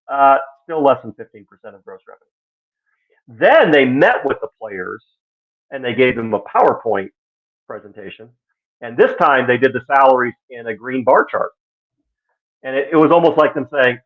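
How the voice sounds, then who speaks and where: A man giving casual live-stream sports commentary, animated and exasperated, acting out the voices he quotes. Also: mid-range voice, normal speed. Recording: tinny phone-like line.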